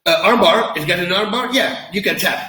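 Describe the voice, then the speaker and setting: A man who is a former fighter, answering interview questions in an emphatic, animated way and acting out quotes as he tells stories. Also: high-pitched, brisk, reverberant, far from the mic, poor audio.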